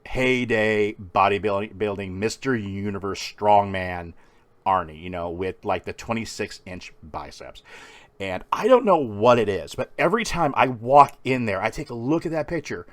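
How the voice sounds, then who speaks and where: A man's voice: lowish voice, expressive, normal speed, a bit bright, no echo. A man talking in a casual, rambling monologue, swearing freely. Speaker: vlogger.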